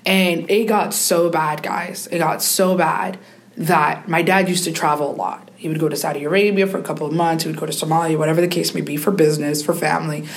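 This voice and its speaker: A young adult woman, a podcast guest, telling an emotional personal story with animated delivery and mimicked family voices. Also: sits low, fairly quick.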